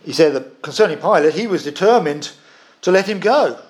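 A man preaching a sermon, earnest and emphatic, with measured pauses. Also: fairly high pitch, expressive.

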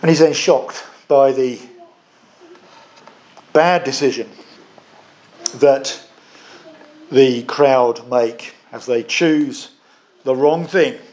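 A man preaching a sermon, earnest and emphatic, with measured pauses. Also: medium pitch, a little mellow.

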